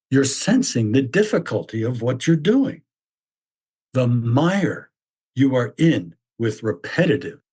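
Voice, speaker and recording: A stern, blunt mythic Greek man who wants to be left alone, read out by a man in his seventies. He speaks in short, unhurried commands with a husky edge to his voice. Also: medium pitch, dark tone. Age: 70s.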